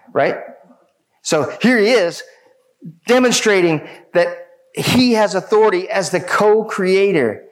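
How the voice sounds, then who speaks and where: A man preaching a sermon, speaking emphatically and addressing his listeners directly. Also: a little high.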